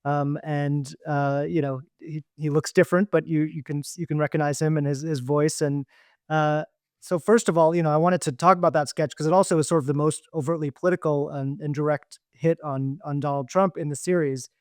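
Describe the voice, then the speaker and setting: A man's voice: fairly high pitch, steady tone, brisk, darkish tone, smooth, no echo. Dry-sounding male podcast host. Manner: thoughtful, hedging with fillers. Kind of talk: interview questions.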